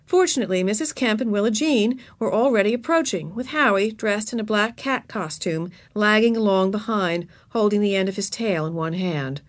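A woman's voice: medium pitch, moderate pace, hardly any pauses, dry recording. A woman reading a children's chapter book aloud, narrating expressively and voicing the characters.

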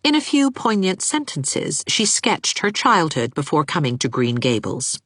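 Low, lively woman audiobook narrator. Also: measured pace, no echo, studio quality. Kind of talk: scripted narration.

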